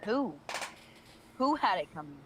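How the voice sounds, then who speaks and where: A woman voicing a firm, caring young female vigilante in a live fan audio drama read, teasing at times and softly concerned. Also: medium pitch, big pitch swings, measured pace, a little hiss or hum, low-quality recording. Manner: teasing then soft and concerned.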